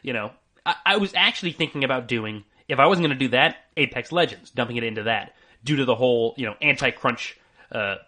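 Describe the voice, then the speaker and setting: A man's voice: mid-range voice, animated, fast talker, pushed and bright. A man co-hosting a casual gaming podcast, agreeable and talkative. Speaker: podcast co-host.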